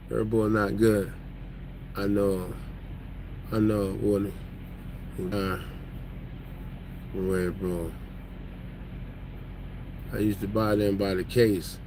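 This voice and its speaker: A man's voice: on the low side, slow, long pauses, background noise. A man who drives trucks, telling stories in loose casual chat, joking and laughing as he talks. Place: truck cab.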